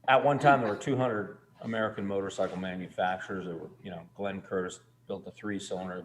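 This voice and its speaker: A man's voice: sits low, slight background noise. Rambling, emphatic man in his fifties. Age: 50s. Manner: rambling, emphatic, swears freely. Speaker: guest. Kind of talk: casual storytelling chat.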